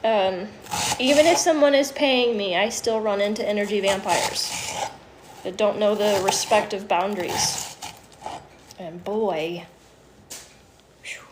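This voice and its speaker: A woman's voice: medium pitch, takes it slowly, pauses often, background noise. A woman chatting casually on a live stream while she cooks, laughing often and swearing now and then. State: teary from onions. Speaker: livestream host. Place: home kitchen.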